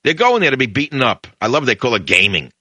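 A man's voice: sing-song, quick pace, pushed and bright, slightly rough, no echo. An older man, hosting a talk show in a rambling, digressive storytelling monologue. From Brooklyn, New York. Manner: digressive storyteller, jumps between tangents with sudden pitch leaps.

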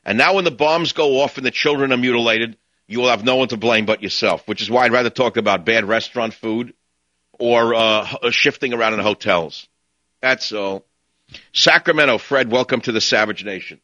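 A man's voice: medium pitch, moderate pace, bright, forceful tone, no echo, muffled recording. A man hosting a talk radio show, ranting and sarcastic in his monologue.

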